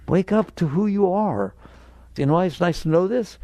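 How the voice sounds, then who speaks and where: A man's voice: high voice, expressive, normal speed, dark tone, no room sound. An older man giving a spiritual talk to an audience, direct and emphatic, sometimes acting out inner voices. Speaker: spiritual teacher.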